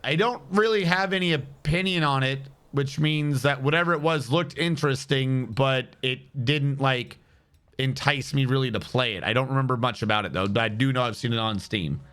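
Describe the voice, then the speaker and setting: Mid-range in pitch, smooth and slightly bright, a man at normal speed casually comments on the building game he's streaming, thinking aloud and responding to chat. Background guitar music accompanies the stream.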